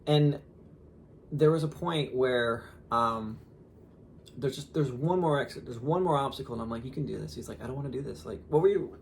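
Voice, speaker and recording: A man in his thirties, a father, telling a story casually on a podcast in an animated way with lots of fillers. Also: medium pitch, normal speed, creaky, slight background noise. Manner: animated, laughing, lots of fillers and quoted asides.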